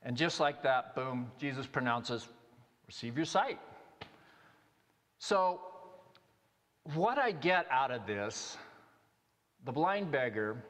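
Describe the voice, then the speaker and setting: Pastor preaching in a reverberant hall. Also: male voice, mid-range voice, a bit bright. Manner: conversational, halting, with many restarts and fillers. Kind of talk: sermon. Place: church sanctuary. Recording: long reverb of a church hall.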